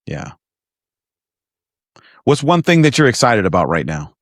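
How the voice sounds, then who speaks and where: A man hosting a podcast interview in a relaxed conversational way, often affirming his guest. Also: lowish voice, unhurried, no echo, clean studio sound. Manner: affirming, conversational, frequent "mm" and "yeah". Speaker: podcast host. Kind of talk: casual interview chat.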